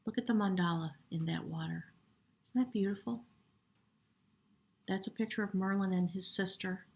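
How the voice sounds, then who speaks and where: Soft-spoken woman tarot reader. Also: medium pitch, normal speed, gravelly. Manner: soft, reverent, gets choked up. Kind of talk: spiritual tarot reading.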